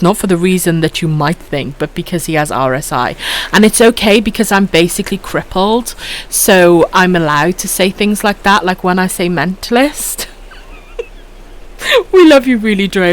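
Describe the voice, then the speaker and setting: A Welsh woman in her thirties chatting casually on a late-night stream, swearing freely and calling viewers pet names. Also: fairly low pitch. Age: 30s. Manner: foul-mouthed, affectionate, reads chat aloud, giggly.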